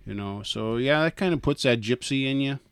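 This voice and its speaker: A man's voice: medium pitch, brisk, clean tone, no echo, studio quality. An older man from North Dakota, a guest telling stories in an easygoing, folksy way. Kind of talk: casual interview chat.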